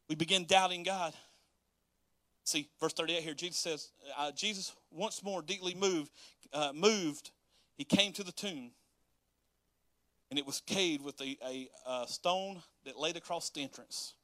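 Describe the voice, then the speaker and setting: A man preaching a sermon, walking through scripture verse by verse in a lively, animated way and acting out the quotes. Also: fairly high pitch, a little slow, no room sound, studio quality. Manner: animated, laughs often, acts out quotes. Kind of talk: sermon reading and explaining scripture.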